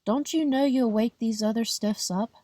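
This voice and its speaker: A woman's voice: fairly high pitch, normal speed, dark tone, no room sound, pitched above the performer's own voice, close to an everyday voice. A surly, indignant male night man at a mission, read by a woman narrator, snapping back with threats. He speaks in an audiobook voice near her own. The recording is dry and close.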